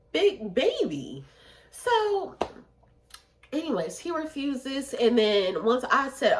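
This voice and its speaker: A woman's voice: mid-range voice, sing-song, slow. A woman vlogger telling a storytime tale in an emphatic way, repeating phrases for effect. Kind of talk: storytime vlog.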